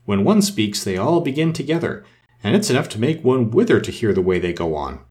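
A man reading a proud and fiery talking flower from a storybook, haughty and quick to scold. The voice swings widely in pitch. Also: big pitch swings, a little mellow.

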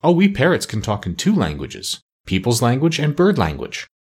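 A man voicing a proud, bossy female parrot who talks in a high, chirpy way. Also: very animated, brisk, slightly rough.

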